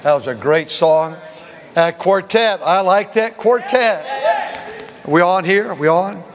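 A man's voice: high voice, slow, crowd noise. An older man pastor telling a rambling, chuckling story from the pulpit during an informal sermon, often restarting his sentences. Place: church sanctuary. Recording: long reverb of a large church hall.

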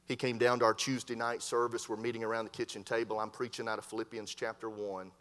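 A man's voice: lowish voice, fast talker. A man preaches in a Baptist church. He tells his stories animatedly and acts out the voices of the people in them. His voice carries a long reverb through the sanctuary. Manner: storytelling preacher, animated voices in quoted dialogue. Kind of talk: sermon. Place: church hall.

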